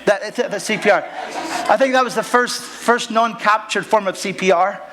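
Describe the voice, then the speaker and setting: A man's voice: high-pitched, moderate pace. A man preaching a sermon at a church service in a rambling, jokey way, full of asides, on a stage microphone. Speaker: pastor.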